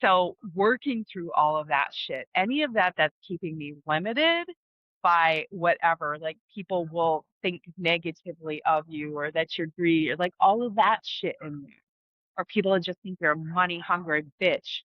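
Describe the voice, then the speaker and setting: A woman's voice: fairly low pitch, normal speed, no room sound, lo-fi sound. A middle-aged woman hosting her own vlog, reflecting candidly and casually, with frequent swearing. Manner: casual, frank, swears freely. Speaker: host.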